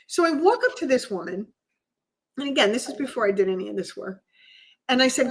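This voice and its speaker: A woman's voice: on the high side, expressive, brisk, pauses often, low-quality recording. A woman co-hosting a podcast, telling a personal story in an earnest, emotional way. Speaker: podcast co-host. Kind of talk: storytelling in casual chat.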